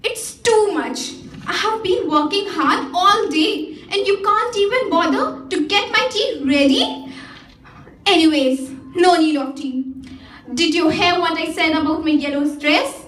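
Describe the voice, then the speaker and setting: A woman's voice: very high voice, lively intonation, measured pace, a bit bright, full character voice. A woman acting a sulky, demanding grown daughter on stage, with a whiny, petulant way of talking. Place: theatre stage. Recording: echoey hall from far off.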